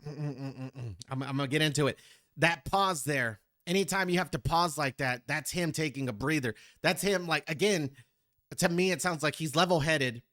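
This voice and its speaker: A man's voice: a little high, moderate pace, fairly bright tone, no room sound, clean studio sound. A man hosting a music reaction video, talking reflectively and directly to his viewers. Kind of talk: casual reaction commentary.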